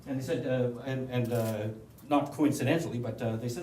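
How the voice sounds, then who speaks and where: A man's voice: mid-range voice, brisk, dark tone. A man with a Canadian accent giving a casual, rambling presentation to a club audience, with joking asides and frequent restarts. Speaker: presenter at an astronomy club meeting. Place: meeting room. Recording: echoey room, voice from far off, faint hiss.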